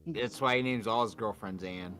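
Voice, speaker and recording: A man's voice: on the low side, moderate pace, bright, forceful tone. A man in casual joking podcast chat, making dry quips.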